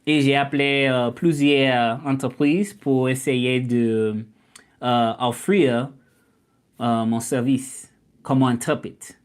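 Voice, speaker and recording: A young man with a Southern US accent from Memphis talks casually on a livestream. He is animated and a little indignant as he answers doubting commenters, and his voice sits at an ordinary middle pitch. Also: takes it slowly, clear, resonant tone. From Memphis, Tennessee, US. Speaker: livestream host.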